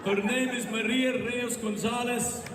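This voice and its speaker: A man's voice: very high voice, steady tone, a little slow, a loud crowd, pitched above the performer's own voice. A man putting on a pleading, whiny voice of a man with a Mexican accent. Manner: whiny, begging. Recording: distant roomy clip, background noise.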